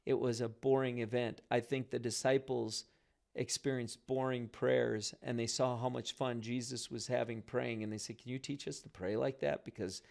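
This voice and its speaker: Casting: gravelly-voiced man, pastor type, earnest and reflective, conversational. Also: medium pitch, steady tone, moderate pace, a little mellow. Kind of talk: casual faith conversation.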